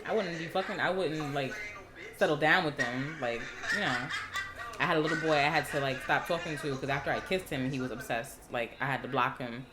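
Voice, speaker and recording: A woman's voice: deep voice, fairly quick, over music. A young woman co-hosting a podcast in casual chat, blunt and giggly, with lots of "like". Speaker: podcast co-host. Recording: echoey room, group voices.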